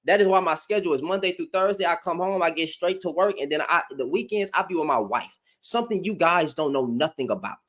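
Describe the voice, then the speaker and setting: This young man's reaction commentary is an incredulous rant into his home webcam, full of repeated phrases. His fairly high, slightly bright voice is expressive and quick, with hardly any pauses.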